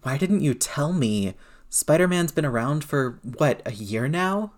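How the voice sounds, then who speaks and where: A man's voice: on the high side, animated, a little slow, pitched above the performer's own voice. A man reading aloud who voices a blunt, swearing, grieving middle-aged aunt comforting her nephew in a storybook reading. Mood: bewildered hurt.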